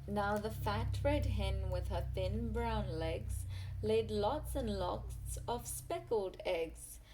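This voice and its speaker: A woman reading a rhyming picture book aloud in a sing-song way, pausing for little asides to her listener. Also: mid-range voice, dark tone, a little hiss or hum. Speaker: storyteller.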